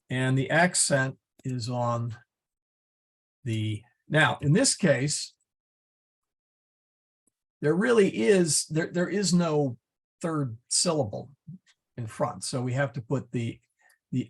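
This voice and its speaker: Male teacher, gravelly husky voice, slow and methodical, patient classroom explaining. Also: medium pitch. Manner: patient, methodical, stop-start explaining with fillers. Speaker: Latin teacher.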